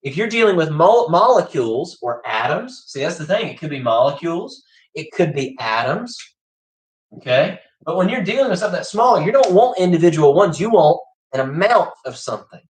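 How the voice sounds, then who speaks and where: Chatty man teacher, fairly high voice, livestream lesson in an echoey room. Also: sing-song, a little fast. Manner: chatty, keeps checking in with okay.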